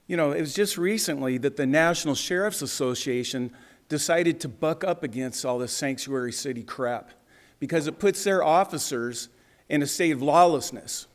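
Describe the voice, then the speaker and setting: A man's voice: fairly high pitch, normal speed. A man giving an angry, combative public comment at a city council meeting, speaking at a podium microphone.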